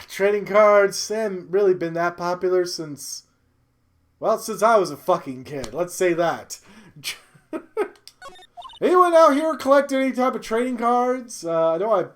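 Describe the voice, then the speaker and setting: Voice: mid-range voice, unhurried. A game streamer giving casual let's-play commentary, swearing freely and muttering asides.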